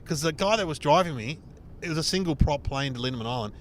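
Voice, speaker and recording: Animated Australian man telling stories. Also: on the high side, fast, slight background noise. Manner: animated, swearing, acts out dialogue. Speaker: comedian podcast host. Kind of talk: casual storytelling chat. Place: inside a car on a road trip.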